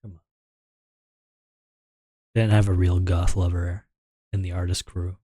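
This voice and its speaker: Low-voiced man mumbling stream chat. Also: little pitch movement, unhurried, warm tone, breathy edge, no echo, clean studio sound. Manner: meandering, mumbling, trailing off. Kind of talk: casual livestream chat.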